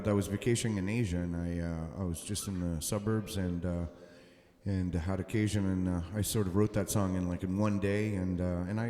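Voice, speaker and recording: A musician hosting a casual live stream from home, talking haltingly with many fillers and restarts. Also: male voice, lowish voice, a little mellow, roomy sound, in a large hall.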